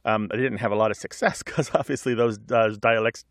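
A man's voice: mid-range voice, a little fast, no room sound, clean studio sound. A middle-aged man co-hosting a language call-in radio show, explaining in a chatty way with asides. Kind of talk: casual radio chat and explanation.

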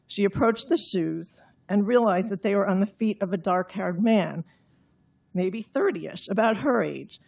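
A woman author reads her fiction aloud in an understated, droll manner. Her voice is slightly husky and breathy, and her pitch sits in the middle. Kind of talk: reading her novel aloud, then explaining.

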